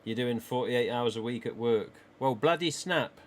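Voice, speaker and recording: A man's voice: mid-range voice, normal speed, a little hiss or hum. Chatty English East Midlands streamer man. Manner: chatty, rambling, laughs often. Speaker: live streamer. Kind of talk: casual chat with viewers. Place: small home office.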